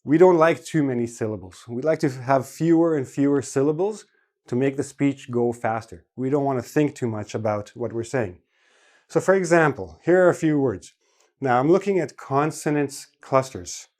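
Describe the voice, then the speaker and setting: Canadian man teaching, slow and clearly enunciated. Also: mid-range voice, animated, a little mellow. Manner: slow, carefully enunciated, stresses each syllable. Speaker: English teacher. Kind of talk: scripted lesson to camera.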